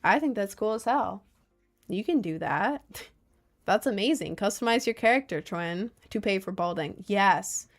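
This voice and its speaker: A young woman streamer talks casually with her viewers, reading their messages out loud. Her speech rambles, full of filler words and frequent laughter, in an ordinary mid-range pitch with lively intonation at a measured pace.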